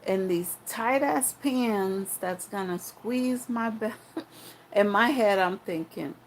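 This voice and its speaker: A woman's voice: medium pitch, slow pace, a little hiss or hum, low-quality recording. A young woman telling a personal story in a frank, rambling, profane way, full of restarts and asides.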